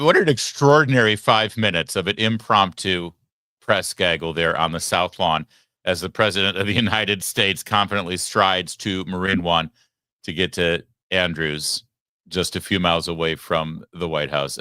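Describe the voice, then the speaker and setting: A male show host giving live political commentary in a low, bright, forceful voice. He speaks emphatically and drops sarcastic asides. The sound is dry and close to the mic. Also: fairly even intonation, moderate pace, smooth, no echo.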